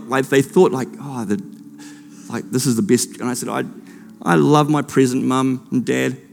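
A man's voice: fairly high pitch, vocal fry, darkish tone. A man in his forties preaching a Christmas sermon, moving from personal storytelling to impassioned preaching. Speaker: pastor. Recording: long hall reverb with faint music.

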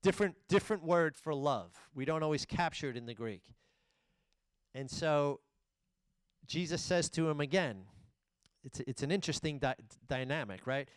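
A man preaching a sermon, retelling scripture dramatically, swinging between loud declarations and hushed asides. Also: on the high side, animated, moderate pace, smooth, no room sound. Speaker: pastor.

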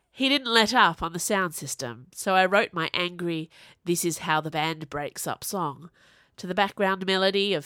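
A woman reading her own fiction aloud in a wry, expressive storytelling voice for a podcast. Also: mid-range voice, no echo, studio quality. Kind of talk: audiobook story narration.

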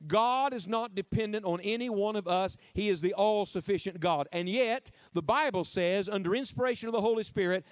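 A male preacher with a notably high voice, delivering a sermon with emphatic repetition and call-and-response prompts. His voice sounds dry and close, with almost no room echo. Playful asides break up the pulpit cadence. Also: fairly quick, few pauses. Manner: emphatic, repeats key phrases, prompts the congregation to respond.

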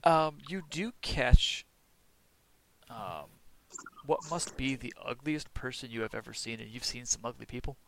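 A man acting as game master, narrating a tabletop game in a relaxed, chatty way with joking asides. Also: mid-range voice, unhurried, creaky, background noise.

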